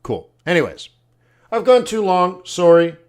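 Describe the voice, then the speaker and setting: A Canadian man hosts a casual trading livestream, his voice clear and smooth and sitting a little high. He rambles and jokes, corrects himself mid-sentence and keeps the tone relaxed and chatty. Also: measured pace. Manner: rambling, jokey, self-correcting. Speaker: forex trading educator and stream host.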